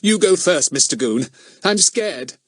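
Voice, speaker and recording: A man's voice: mid-range voice, very animated, moderate pace, dry recording, studio quality, voice pushed up. A man reading an audiobook voices a cheeky, clever schoolboy detective with a mock-innocent manner. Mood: teasing.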